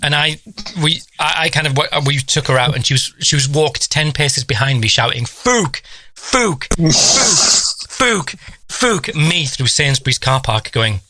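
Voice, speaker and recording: Animated storytelling man, bright voice. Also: medium pitch, normal speed, no room sound. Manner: animated anecdote-telling, acts out children's voices. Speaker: podcast co-host. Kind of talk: casual storytelling chat.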